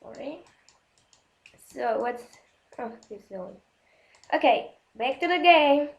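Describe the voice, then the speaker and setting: Woman w high voice talking slow thru her game, gasps n nervous laughs. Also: creaky, lo-fi sound. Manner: excitable, easily startled, gasps and nervous laughs; halting non-native English with frequent restarts. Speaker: gaming video host. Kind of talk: casual gameplay commentary.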